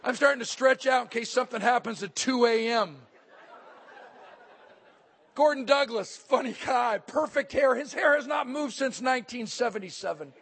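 At a hotel conference, a motivational speaker gives a funny talk, telling stories and performing the voices of the people in them. His voice is extremely high-pitched and fairly bright with a breathy edge, delivered at a moderate pace, while some chatter carries on in the background.

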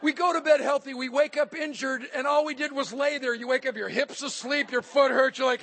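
A man's voice: very high voice, steady tone, a little fast, hardly any pauses, sharp tone, slight background noise. A man giving a humorous motivational speech at a hotel conference, telling stories and acting out the voices in them. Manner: comic storytelling, acting out quoted voices. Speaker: motivational speaker.

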